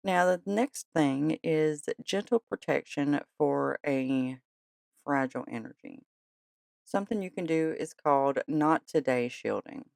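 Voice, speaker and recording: A tired late-night podcast host with a gentle, reassuring way of talking. The voice carries plenty of vocal fry and a gravelly edge. It is recorded close and dry, with no room sound. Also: mid-range voice, measured pace, no room sound. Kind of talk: casual podcast talk.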